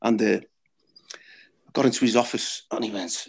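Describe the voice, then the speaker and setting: A middle-aged former footballer shares blunt anecdotes full of swearing, laughing at his own stories. His voice is fairly low, creaky, and slightly rough, at a normal speed.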